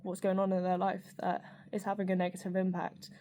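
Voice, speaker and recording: A woman's voice: mid-range voice, completely flat delivery, a little fast, dark tone, a little hiss or hum. A woman speaking straight to camera in a rambling, candid personal monologue, with lots of fillers and casual swearing.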